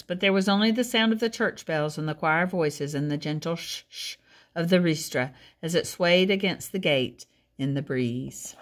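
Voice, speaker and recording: A woman reading a picture book aloud, gentle and pointing out the pictures as she goes. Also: low voice. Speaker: storyteller.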